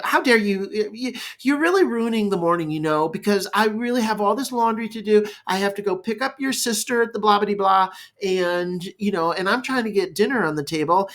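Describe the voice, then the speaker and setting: A man voicing a harried, overwhelmed parent who brushes off a child's sadness in a hurried, exasperated way. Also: high voice.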